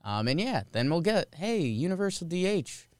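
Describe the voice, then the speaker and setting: A man's voice: fairly high pitch, moderate pace, no echo, clean studio sound. A man co-hosting a podcast, chatting casually and jokily about sports. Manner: animated, joking, rambling. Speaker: podcast co-host.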